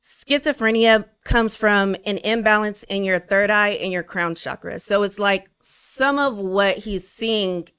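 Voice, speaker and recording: A woman's voice: medium pitch, measured pace, few pauses, a bit bright, clean tone, no room sound, clean studio sound. A woman guest on a podcast, candidly telling her life story in casual talk, leaning on "like" as she goes. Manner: open storytelling, many "like" fillers. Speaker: podcast guest, spiritual consultant.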